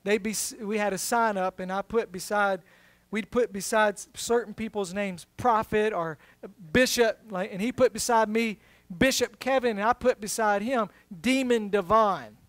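Pastor, middle-aged man, high voice, close dry mic; jokes, then preaches hard. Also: moderate pace, a bit bright, no room sound. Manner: humorous storytelling, rising to emphatic preaching. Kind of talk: sermon.

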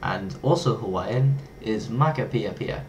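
Easygoing male vlogger, slightly low voice, playful and self-mocking delivery. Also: expressive, a little slow, a little hiss or hum. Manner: playful, chatty, fumbles pronunciations and laughs at himself. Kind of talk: casual talk to camera.

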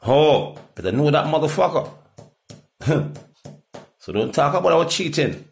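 A middle-aged Jamaican man in a rambling, profane monologue that swings from loud outbursts to low mutters. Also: very animated, measured pace, gravelly. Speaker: reggae artist.

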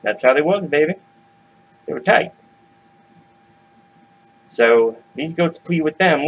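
Man, comic storyteller, relaxed, slangy, direct to listeners. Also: fairly high pitch, takes it slowly, long pauses, breathy edge, rough recording. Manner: laid-back, slangy, talks to audience.

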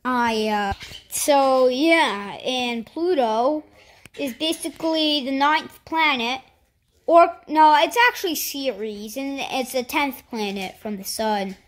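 A woman giving casual commentary over a space game, thinking aloud with lots of fillers and sudden excited outbursts. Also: high voice, slow pace. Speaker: gameplay commentator.

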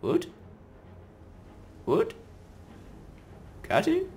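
A man giving chatty, excitable commentary as he plays a game, breaking into sudden loud outbursts. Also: medium pitch, moderate pace. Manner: chatty running self-talk while playing. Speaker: gaming video creator. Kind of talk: let's-play gameplay commentary.

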